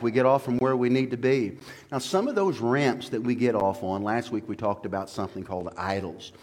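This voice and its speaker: A man preaching a sermon as pastor, moving from low quiet talk to loud, fervent passages. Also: in a large hall.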